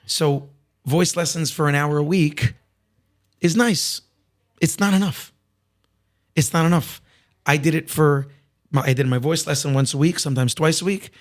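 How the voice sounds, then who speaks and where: A man with a slightly raspy, edgy voice that sits a bit high for a man. He speaks as a singer guest on a podcast, candid and reflective. His sentences often loop back and restart. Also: moderate pace, pauses often. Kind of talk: casual interview conversation.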